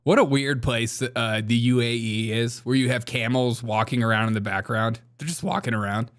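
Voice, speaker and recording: A man's voice: mid-range voice, normal speed, a bit bright, soft background music. Sarcastic male commentary host. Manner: sarcastic, laughs often while talking. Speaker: political commentary show host. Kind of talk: casual commentary on clips.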